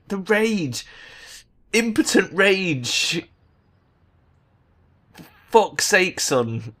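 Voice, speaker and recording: A man giving game commentary as a gaming video maker, exasperated and swearing a lot, breaking into loud rants. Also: a little high. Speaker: gaming YouTuber.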